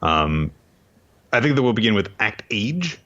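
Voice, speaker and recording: A man with a very deep voice and a bright edge chatting as a podcast co-host, and his pitch swings widely. He sums things up loosely with plenty of ums and asides. The recording sounds dull and lo-fi. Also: big pitch swings, a little slow. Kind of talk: casual chat, summarizing the story. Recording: dull lo-fi mic.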